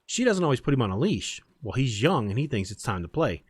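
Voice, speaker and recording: A man's voice: mid-range voice, big pitch swings, fast talker, breathy edge, no room sound. A man streaming a game from home, chatting in a rambling, storytelling way. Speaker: gaming streamer. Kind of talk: casual chat while gaming.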